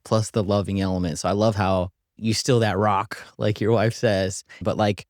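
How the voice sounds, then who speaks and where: A male podcast host with a lower voice leads a candid conversation. He is affirming and encouraging and reflects back what his guest says. The recording is close and dry. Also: level tone, normal speed, dry recording.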